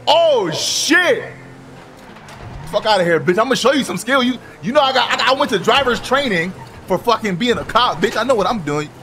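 Brash male streamer in a cop roleplay, high, lively voice, bright tone, profane and loud. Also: normal speed, a little hiss or hum. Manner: brash, profane, yelling and joking. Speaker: streamer playing a police officer in online roleplay. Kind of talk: loud improvised game roleplay.

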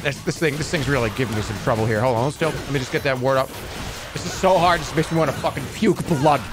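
A man's voice: mid-range voice, fast talker, music in the background, lightly acted. A man playing a doctor who stammers and strains while trying to remove a wart. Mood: strained.

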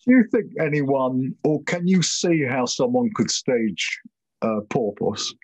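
A male interviewer asks brief questions in a husky voice. The sound is dry and close, with no room echo. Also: medium pitch, slow. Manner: brief questions and short reactions.

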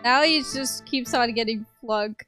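Giggly high-voiced young woman gamer. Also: bright, forceful tone. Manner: giggly, laughs often between lines; quick, chatty delivery. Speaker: gaming YouTuber. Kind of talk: playful gameplay commentary. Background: faint background music.

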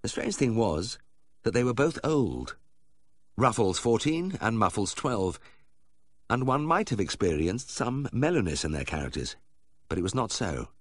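Brief: male audiobook narrator, very low voice, close dry sound, wry delivery. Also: very animated, unhurried, no room sound. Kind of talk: scripted narration.

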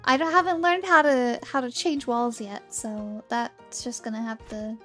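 A woman's voice: a little high, steady tone, measured pace, a bit bright, soft background music. A young woman streaming a game, chatting casually and bubbly with viewers, often giggling. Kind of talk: casual game livestream chat.

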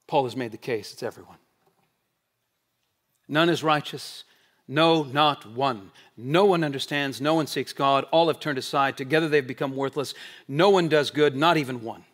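A male pastor preaching a sermon, building through emphatic repeated rhetorical questions and dropping into low, quiet stretches to make his points. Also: moderate pace. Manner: shifts between loud proclaiming and low quiet stretches.

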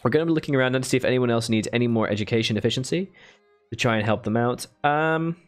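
A man's voice: medium pitch, fast talker, soft background music. A man live-streaming a strategy game, thinking aloud in a chatty way and thanking viewers with bursts of enthusiasm. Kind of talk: casual live-stream commentary.

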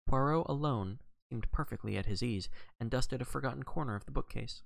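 A man's voice: mid-range voice, brisk, creaky, no room sound. A man reading a classic mystery novel aloud on a livestream, narrating expressively. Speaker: audiobook reader on a livestream.

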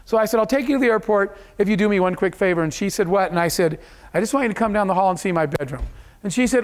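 High-voiced man giving an earnest keynote. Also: fast talker. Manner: storytelling, earnest and emotional. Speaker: keynote speaker. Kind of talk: motivational keynote speech. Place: event hall.

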